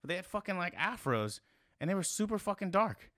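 A man in his thirties from South Carolina, a podcast guest telling a story in a casual, animated way, swearing freely. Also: a little fast, dry recording, clean studio sound. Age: 30s. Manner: animated, swears a lot, rising to high exclaims.

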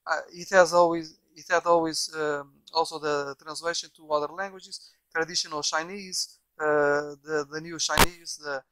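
Rambling man, slightly high voice. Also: flat delivery, normal speed, few pauses, noisy background. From Portugal. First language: Portuguese. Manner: rambling, with many repeated words and restarts. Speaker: software developer. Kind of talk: casual software walkthrough. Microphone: bad microphone.

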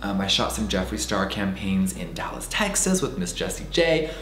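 A man's voice: lowish voice, sing-song, normal speed, fairly bright tone, slight background noise. A man vlogging outdoors in a pasture on a handheld camera. He talks casually and frankly, with some swearing. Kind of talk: casual vlog narration. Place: outdoors in a ranch pasture at dawn. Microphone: handheld camera mic.

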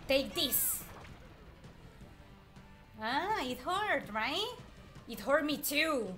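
A woman streaming a video game, excitedly chatting to the enemies she fights and repeating herself when frustrated, with game music faintly behind her. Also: high voice, very slow. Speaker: gameplay streamer. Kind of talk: live gameplay commentary.

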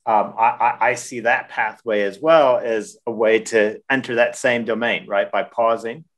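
A man hosting a podcast interview, asking questions haltingly and restarting them. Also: medium pitch, steady tone, fairly bright tone. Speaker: podcast host.

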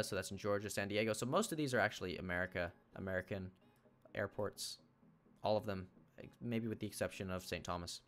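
A man's voice: fairly low pitch, fairly bright tone. Chatty teen boy streaming a game. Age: teens. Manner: chatty, greets viewers, thinks aloud. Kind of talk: casual live-stream chat. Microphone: desk mic he must face toward.

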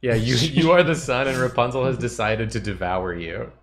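A man chatting casually on a stream while drawing, relaxed and easygoing. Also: mid-range voice, normal speed. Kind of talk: casual chat.

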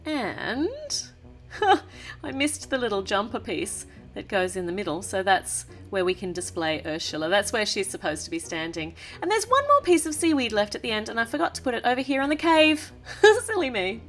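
A woman's voice: on the high side, sing-song, normal speed, faint music behind. A cheerful, chatty woman narrating a toy build review who laughs often.

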